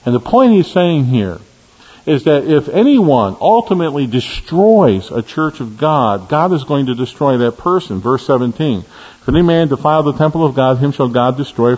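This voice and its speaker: A man preaching a sermon, emphatic, swinging from stressed high peaks to low, quiet key words. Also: slightly rough. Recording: lo-fi recording in a reverberant hall.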